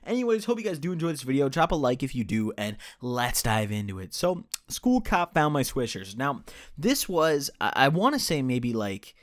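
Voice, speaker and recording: A man's voice: medium pitch, very animated, normal speed, no room sound, clean studio sound. A young man in his late teens telling a personal story in a casual, rambling way, swearing freely and correcting himself as he goes. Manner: rambling, profane, restarts and self-corrections. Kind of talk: casual storytime chat over gameplay.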